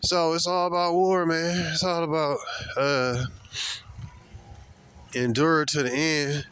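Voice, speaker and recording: A man vlogging outdoors, talking in a slangy, emphatic and preachy way while walking fast and breathing hard. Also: fairly high pitch, level tone, fairly bright tone, clean tone. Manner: slangy, emphatic, repeats points. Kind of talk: casual preachy monologue. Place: outdoors on a walk.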